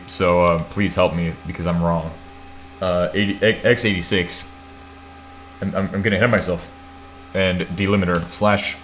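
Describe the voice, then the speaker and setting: A man's voice: low-pitched, fairly even intonation, normal speed, pauses often, a bit bright, slight background noise. A sleepy American man on a live stream, thinking aloud as he types commands, swearing now and then and poking fun at himself. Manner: thinks aloud while typing, swears, self-mocking. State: half asleep. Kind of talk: casual live-stream chat.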